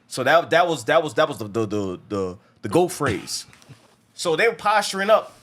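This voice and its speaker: Excitable man recapping a movie. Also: a little high, moderate pace, a little hiss or hum. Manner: rambling, many restarts, acts out quotes. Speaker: movie review podcast host. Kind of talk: casual profane movie recap.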